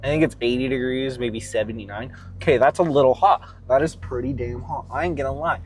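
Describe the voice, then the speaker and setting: A man's voice: mid-range voice, a little fast, darkish tone, slight background noise. Profane rambling man vlogging from a car. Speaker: fitness vlogger. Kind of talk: casual vlog rant.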